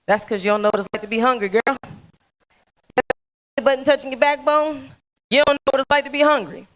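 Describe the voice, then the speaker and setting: A woman's voice: sits high, a little fast, voice pushed up, close to an everyday voice, low-quality recording. A woman voicing her old grandfather as a blunt country man with a rural drawl. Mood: scolding.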